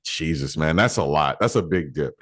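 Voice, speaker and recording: A man co-hosting a podcast, chatting casually about movies, animated and swearing freely. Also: very deep voice, normal speed. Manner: animated, swearing, mock New York voices. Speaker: podcast co-host.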